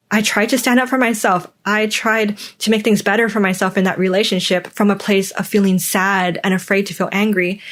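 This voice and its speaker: A woman hosting a personal podcast, speaking earnestly and emphatically in a reflective monologue, repeating words for stress. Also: medium pitch. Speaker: podcast host.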